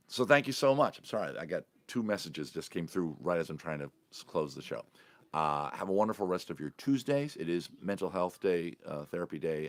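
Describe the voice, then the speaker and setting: A middle-aged man with a deep, gravelly voice hosts a relaxed coffee chat for his supporters. He rambles and breaks off mid-sentence. He speaks casually, as if talking straight to a phone held close. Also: dry recording. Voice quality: low gravelly voice. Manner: rambling, self-interrupting, chatty. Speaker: entertainer and vlog host.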